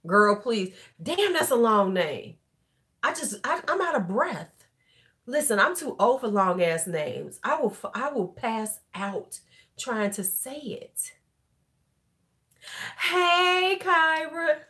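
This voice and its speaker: Tipsy middle-aged woman, loud and chatty beauty vlogger, swears easily. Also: medium pitch, sing-song, measured pace. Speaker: beauty YouTuber. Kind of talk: casual livestream chat.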